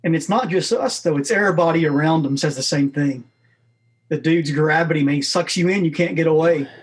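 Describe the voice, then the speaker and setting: Male podcast guest, somewhat high voice, easygoing and self-deprecating. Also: fairly quick, slightly rough. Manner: laid-back, self-deprecating. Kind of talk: casual interview chat.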